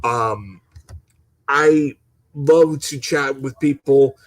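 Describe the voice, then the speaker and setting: A man's voice: medium pitch, extremely slow, rough recording. A young man in a casual, passionate opinion rant as a gaming channel host, rambling with stuttering restarts and swearing.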